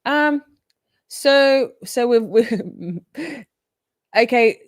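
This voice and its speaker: A woman's voice: a little high, animated, extremely slow, dry recording, clean studio sound. An Australian woman hosting a livestream, chatting casually and reading viewer comments aloud with frequent laughs. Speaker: livestream host.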